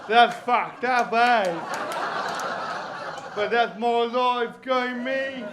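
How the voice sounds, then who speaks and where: A man doing a live stand-up set, with slow, deliberate delivery. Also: very high-pitched, steady tone, very noisy. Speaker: stand-up comedian. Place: comedy club stage with live audience. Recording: echoey club room with audible ambience.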